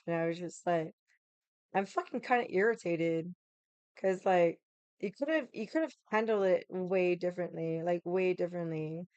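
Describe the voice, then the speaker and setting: A woman's voice: lowish voice, moderate pace, a little mellow, clear, resonant tone, no room sound, dull audio. Chatty swearing woman telling a story. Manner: chatty, swears a lot, many fillers. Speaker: livestream host. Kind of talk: casual storytelling to a live chat. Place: home room.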